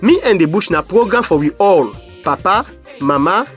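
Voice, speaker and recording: A man's voice: high voice, animated, moderate pace, fairly bright tone, soft background music. A man from Sierra Leone with a Krio accent, presenting a radio program and interpreting for a guest.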